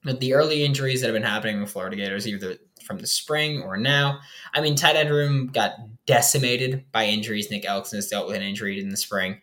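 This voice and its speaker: Rambling low-voiced man talking football. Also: quick pace, a bit bright. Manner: loose and rambling, many fillers and restarts. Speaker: sports podcast host. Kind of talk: casual football analysis.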